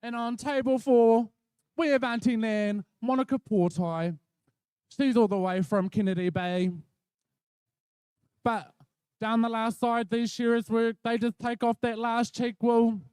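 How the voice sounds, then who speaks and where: A man's voice: very high-pitched, measured pace, smooth, no echo. A man giving expert play-by-play, explaining each step of the wool handling. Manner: explains each step in a steady, even flow. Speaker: expert commentator. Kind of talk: live play-by-play commentary.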